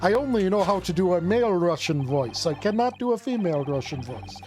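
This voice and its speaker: Mężczyzna, streamer, swobodnie komentuje grę, gada z wahaniem i wtrąceniami, wysokim głosem, a w tle cicho gra muzyka. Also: male voice, sits high, expressive, a little fast, darkish tone, soft background music. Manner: chatty, hesitant with fillers. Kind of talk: casual let's-play commentary.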